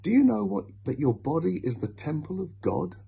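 A man playing a worried, caring mother in a storybook reading, his voice lifted well above its usual pitch. She scolds firmly and anxiously, with a husky, gravelly edge. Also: big pitch swings, normal speed, dark tone, full character voice.

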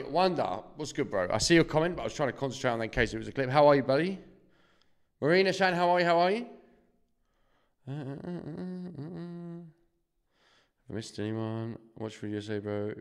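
A young man doing casual live-stream commentary, swearing freely and chatting to his viewers. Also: medium pitch. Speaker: slot streamer.

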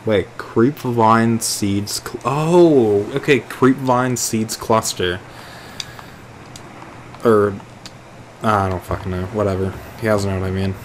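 Young male gaming host, lowish voice, swears constantly, rambling casual commentary, faint background hiss. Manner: profane, rambling, jokey. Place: indoors at home, late at night.

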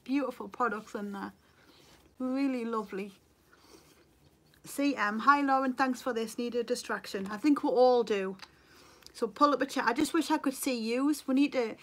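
A woman's voice: fairly high pitch, fairly even intonation, moderate pace, a little hiss or hum. A woman chatting casually with viewers on a livestream while doing her makeup at home. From North East England. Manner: chatty, reads viewer comments aloud. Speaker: makeup vlogger. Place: home room by a window.

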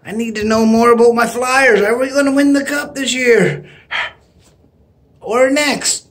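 A middle-aged man from Canada vlogging at home in a casual, excitable way, laughing often and whooping loudly. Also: extremely high pitch, unhurried. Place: home, indoors.

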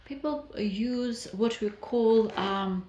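A woman, a former student now co-hosting, talking in a lively way with frequent fillers. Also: a little high, slow, highs cut off, a little hiss or hum. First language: Russian. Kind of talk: conversational lesson. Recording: roomy echo.

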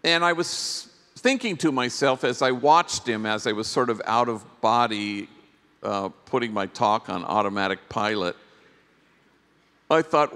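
A priest giving a workshop talk at a conference, telling stories in a gentle, reflective way with pauses. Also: male voice, mid-range voice. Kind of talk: storytelling keynote talk. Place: large conference hall. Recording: long hall reverb.

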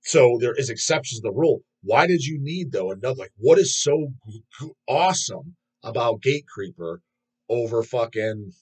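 A man with a husky, slightly raspy voice at an ordinary middle pitch rants to his channel's viewers. His delivery is blunt, and he swears through nearly every sentence. It has the loose, unscripted feel of a casual vlog. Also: expressive, moderate pace, a little mellow, poor audio. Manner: blunt, profane, opinionated. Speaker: metal channel host. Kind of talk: casual rant to camera.

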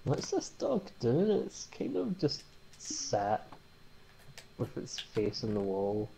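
A woman's voice: rumbling low, big pitch swings, slow pace, creaky, warm tone, slight background noise, low-quality recording. A woman from Glasgow with a mild Scottish accent, a guest chatting on a stream with dry, joking humor. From Scotland, Glasgow. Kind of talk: casual chat.

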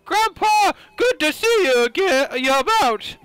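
A man voicing a gruff male villager, reading game dialogue aloud in a loud, hammy way. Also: very high-pitched, very animated, a little slow, soft background music, pitched above the performer's own voice, exaggerated voice. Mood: blustering.

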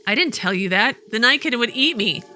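Woman voicing a nervous teenage boy, chatty, bright tone, video game. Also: a little high, lively intonation, brisk.

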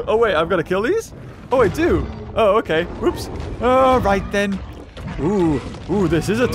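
Brief: high-voiced man, very animated, laughs and shouts over loud game music. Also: unhurried, a loud crowd. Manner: excitable, laughing, breaks into shouts. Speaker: gaming channel host. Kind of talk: excitable gameplay commentary.

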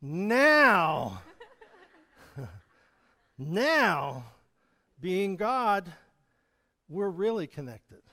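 A man's voice: sits high, big pitch swings, drawn-out words, pauses often, bright, forceful tone, long reverb tail. A male pastor preaching a sermon in a conversational manner, chuckling often. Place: church hall.

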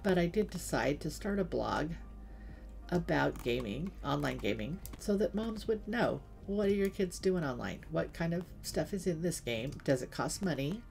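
A woman's voice: low-pitched, expressive, normal speed, creaky, a little mellow, soft background music. A middle-aged woman streaming a game, chatting and telling stories between asides to the game. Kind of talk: casual gaming livestream chat.

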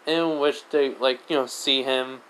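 A man's voice: medium pitch, fairly even intonation, unhurried, a bit bright, a little hiss or hum, rough recording. Rambling casual male storyteller. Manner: rambling, many fillers and restarts. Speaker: fan storyteller. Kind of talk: casual fan-fiction narration.

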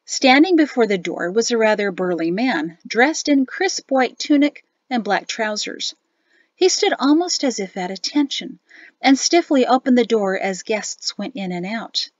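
A woman reading a novel aloud as audiobook narrator, with an even storytelling delivery. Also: fairly high pitch, unhurried, no echo, dull audio. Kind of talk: scripted narration.

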